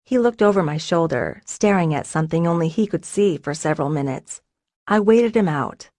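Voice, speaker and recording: Dry, lower-voiced woman narrating. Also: animated, normal speed, no room sound. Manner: soft, earnest, emotional. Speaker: audiobook narrator. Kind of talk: first-person novel narration.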